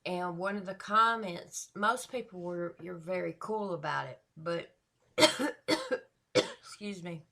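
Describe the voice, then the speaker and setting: A woman's voice: fairly low pitch, animated, slow, creaky, long pauses, pushed and bright. A woman hosting a reaction video, chatting casually and stretching out the words she wants to stress.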